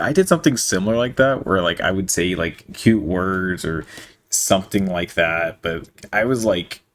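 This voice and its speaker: A young man in casual reaction commentary, reading messages aloud, amused, laughing often and stumbling over words. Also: fairly low pitch.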